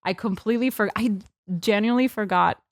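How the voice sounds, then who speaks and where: A young woman in her twenties, a podcast guest, telling a story in a lively way and acting out what people said. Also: brisk, no echo, clean studio sound. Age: 20s. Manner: lively, acts out quotes with big pitch jumps. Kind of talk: animated storytelling.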